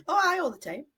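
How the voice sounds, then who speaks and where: A woman's voice: high voice, pushed and bright. A woman with a Geordie accent, a massage therapist in a casual podcast chat, laughing often.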